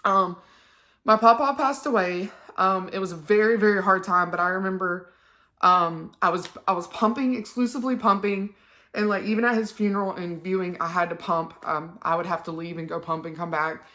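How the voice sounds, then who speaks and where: Lady vlogging on her phone from the couch, bright voice, lots of ums. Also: on the low side, steady tone, moderate pace. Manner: chatty, emotional, many ums. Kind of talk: personal vlog talking to camera. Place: indoors at home on a couch. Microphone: phone camera.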